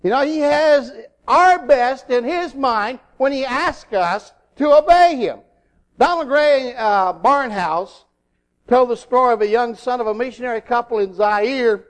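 A man with a very high speaking voice delivers a sermon. He is animated and acts out other voices as he goes. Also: a little slow. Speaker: preacher.

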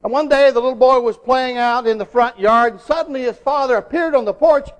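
A man with a very high speaking voice delivers a sermon. He is animated and acts out other voices as he goes. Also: a little fast. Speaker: preacher.

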